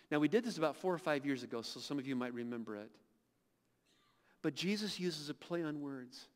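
A male pastor preaching a sermon in a church, retelling scripture dramatically with hushed, soft-spoken asides. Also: fairly high pitch, moderate pace, pauses often. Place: church sanctuary. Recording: long hall reverb.

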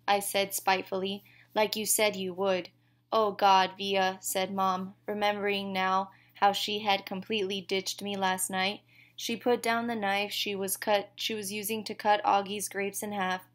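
A woman's voice: medium pitch, a bit bright. A woman reading a novel aloud in first person, marking the characters' lines with small shifts rather than full voices. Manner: reads dialogue with small shifts for each character, no big voices. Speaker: audiobook reader. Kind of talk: scripted first-person narration.

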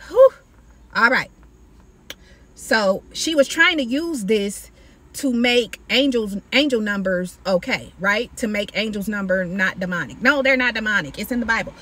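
A woman talks casually to her viewers about scripture, calling them baby and y'all in an animated, preachy way. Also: fairly high pitch. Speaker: faith video creator. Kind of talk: casual Bible-study talk to camera. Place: outdoors in sunlight.

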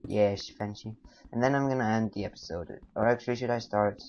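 A young man whose first language is not English, rambling through casual let's play commentary with sudden loud, silly outbursts. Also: on the low side, a little fast, lo-fi sound, a little hiss or hum. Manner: rambling, excitable, bursts of loud silly exclamations. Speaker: gamer.

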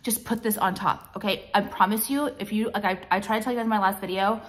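A woman's voice: medium pitch, fairly even intonation, quick pace. Young female vlogger, chatty and profane, meandering delivery with lots of fillers. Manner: blunt, profane, rambling with many fillers. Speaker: vlogger and jewelry brand owner. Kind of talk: casual chatty vlog.

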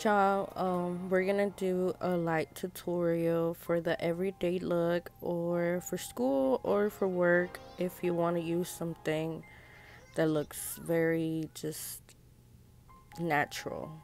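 Low, unhurried woman vlogger. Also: vocal fry, faint music behind. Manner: relaxed, chatty, addresses viewers directly. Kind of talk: casual makeup tutorial.

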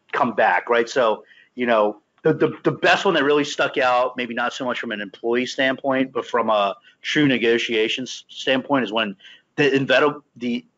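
A man's voice: medium pitch, fairly bright tone, highs cut off. Rambling man in casual podcast chat. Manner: rambling, many restarts and fillers. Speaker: podcast team member. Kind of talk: casual chat about a book.

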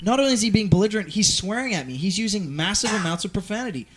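A man's voice: high-pitched, animated, very fast, fairly bright tone, a little hiss or hum. A man hosting a show, telling a long story in casual chat, rambling, swearing freely and using plenty of fillers. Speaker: host.

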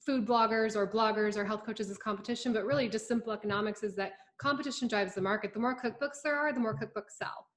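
Relaxed higher-voiced woman host. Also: fast talker, hardly any pauses. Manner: relaxed, conversational, with fillers and agreement sounds. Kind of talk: casual conversation.

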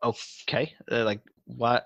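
A man's voice: mid-range voice, fairly even intonation, slow pace, gravelly, fairly bright tone, dry recording. A man co-hosting a casual wrestling podcast, rambling and swearing as he reasons out his points. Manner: sweary, thoughtful, rambling with fillers. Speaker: podcast co-host. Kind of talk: casual wrestling review chat. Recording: dry, dull lo-fi mic.

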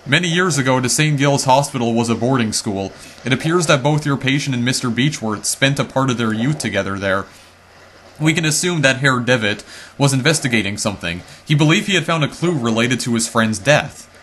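A man reading the lines of a grave male investigator in a video game, in a measured, formal way. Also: mid-range voice, lively intonation, fairly bright tone, slight background noise, close to an everyday voice. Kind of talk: reading game text aloud.

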